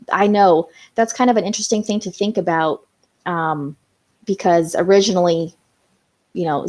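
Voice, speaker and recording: A young woman hosting a casual live stream, chatting with viewers and reading out their comments, with lots of "um" and "you know". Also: fairly low pitch. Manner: chatty, reads out viewer comments, many fillers.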